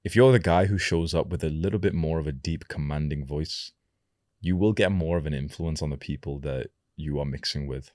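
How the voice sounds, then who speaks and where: Very deep-voiced man, slow and deliberate. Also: a little mellow, dry recording, studio quality. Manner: slow, deliberate delivery dropping pitch at sentence ends. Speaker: self-improvement coach. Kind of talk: instructional talk to camera.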